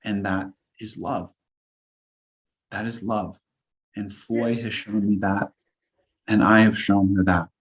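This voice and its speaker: Earnest male guest, low voice, very slow measured delivery. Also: level tone, rough recording. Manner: earnest, slow, repetitive affirmations. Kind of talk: spiritual talk show chat.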